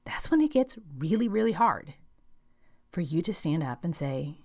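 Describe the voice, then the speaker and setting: A woman hosting an advice podcast, speaking calmly and directly with firm emphasis. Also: on the low side, normal speed, no echo, studio quality. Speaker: podcast host.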